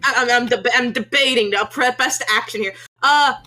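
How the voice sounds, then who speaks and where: A woman's voice: on the high side, moderate pace, sharp tone. A woman playing in a tabletop game, talking casually, stammering and poking fun at herself. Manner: stammering, self-mocking. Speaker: player.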